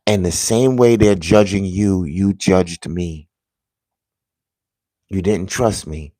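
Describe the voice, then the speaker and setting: Man with a lowish voice for an earnest, halting vlog story, dropping to a hush at the tense parts, dry close sound. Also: steady tone, dry recording. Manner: earnest, halting, drops to a hushed voice at tense moments. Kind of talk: casual storytelling to viewers.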